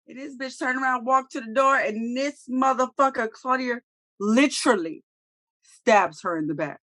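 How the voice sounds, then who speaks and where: A woman's voice: fairly high pitch, normal speed. A woman co-hosting a TV review chat, retelling scenes in a blunt, profane, slangy way. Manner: animated, profane, slangy storytelling. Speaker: co-host reviewing a TV episode. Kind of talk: casual recap chat.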